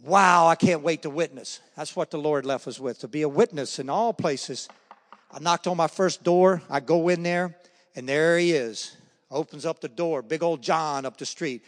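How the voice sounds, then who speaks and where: Guy sharing his testimony at a men's breakfast, kinda high voice, lots of echo from the hall. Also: normal speed. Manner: animated storytelling, acts out the voices in his stories. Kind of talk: spoken faith testimony. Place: church hall or meeting room. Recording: long hall reverb.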